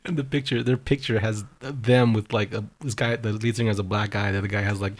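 A man's voice: fairly low pitch, steady tone, quick pace. A man co-hosting a podcast, introducing songs in loose, casual chat, swearing and laughing often. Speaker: podcast co-host presenting songs.

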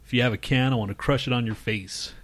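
A man's voice: mid-range voice, steady tone, quick pace. A man co-hosting a podcast, rambling through crude casual banter, swearing freely and laughing often. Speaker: podcast co-host.

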